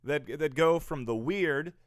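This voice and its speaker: A man's voice: fairly high pitch, a little slow, no room sound. A young man hosting a comedy podcast and playing the earnest straight-man interviewer. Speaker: host.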